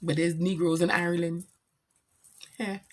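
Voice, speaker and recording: A middle-aged woman chatting casually about her daughter, animated and slangy as she tells stories. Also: fairly low pitch, a little slow. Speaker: vlogger, mother. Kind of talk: casual chat.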